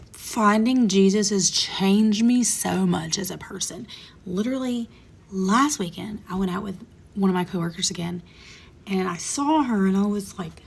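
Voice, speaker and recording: Woman, 30s, vlog storyteller, candid and emotional, gravelly edge. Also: medium pitch. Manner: candid, emotional, drops into whispers. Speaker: vlogger. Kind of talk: casual storytime monologue.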